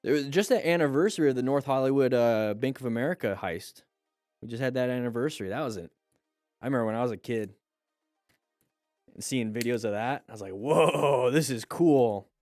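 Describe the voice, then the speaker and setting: A man's voice: mid-range voice, fast talker, pauses often, a little mellow, no echo, clean studio sound, soft background music. A man hosting a casual livestream as a riding instructor, upbeat and chatty, greeting viewers by name and reading out comments.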